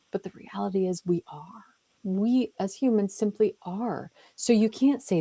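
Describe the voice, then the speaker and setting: A woman leads a conversational podcast interview, speaking with earnest emphasis and performing little quoted lines. Her mid-range voice is warm and creaky, with lively intonation and an unhurried pace, recorded dry.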